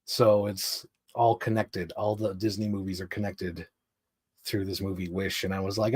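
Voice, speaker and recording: A man's voice: lowish voice, fairly even intonation, normal speed, no room sound, clean studio sound. A man live streaming, chatting casually and rambling with lots of fillers as he shows off collectibles. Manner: chatty, rambling fan talk with many fillers. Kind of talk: casual chat.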